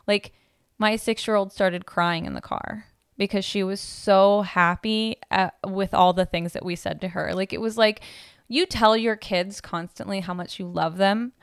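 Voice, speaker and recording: A young woman co-hosts a casual podcast chat, earnest and rambling, with plenty of "like" fillers. Her voice is smooth and resonant. The recording is close and dry. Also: medium pitch, fairly even intonation, measured pace, dry recording. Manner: chatty, filler-heavy, earnest. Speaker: podcast co-host.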